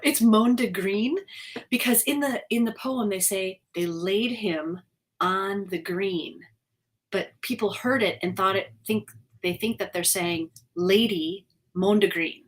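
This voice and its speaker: A woman, co-hosting a casual livestream chat, talkative and quick to laugh, sometimes stumbling over her words. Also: mid-range voice. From Wisconsin. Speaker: co-host.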